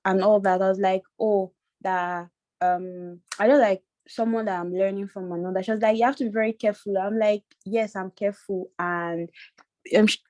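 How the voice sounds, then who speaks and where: A woman from Nigeria sharing a personal story on a video call, halting and tearful, with many restarts. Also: mid-range voice, steady tone, a little mellow, no echo. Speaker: workshop participant.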